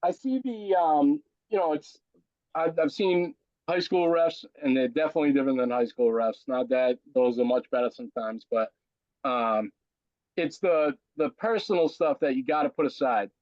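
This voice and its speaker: A man's voice: on the high side, normal speed, darkish tone, no room sound. A man hosting a podcast, talking casually and stressing his points firmly. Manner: emphatic, repeats points. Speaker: podcast host. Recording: dull dry audio.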